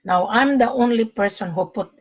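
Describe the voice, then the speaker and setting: A woman's voice: fairly high pitch, moderate pace, lo-fi sound. A woman selling gold, talking to viewers on her own live stream in a blunt, lecturing way, dropping frequent "mm-hmm"s. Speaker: gold seller hosting her own page.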